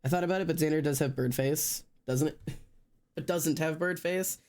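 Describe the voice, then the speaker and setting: The young man speaks at a moderate pace, his voice on the higher side yet darkish in tone. Indoors at home, he streams live and chats casually with viewers, rambling with lots of fillers and restarts.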